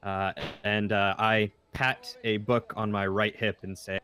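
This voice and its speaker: A man's voice: on the low side, flat delivery, a little slow, pushed and bright, clear, resonant tone. A man player chatting casually at a tabletop game with dry humor.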